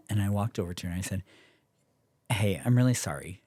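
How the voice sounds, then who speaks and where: A man's voice: lowish voice, expressive, moderate pace, mellow, dry recording. A young Canadian man, a podcast guest, telling a story in casual chat, acting out quoted voices and swearing freely.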